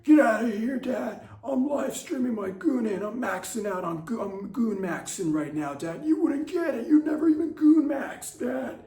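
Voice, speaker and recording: A man's voice: very high voice, expressive, normal speed, few pauses, echoey room, voice pushed up. A man voicing a whiny, bratty teenage son who talks back defiantly. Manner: whiny, petulant, shouting back.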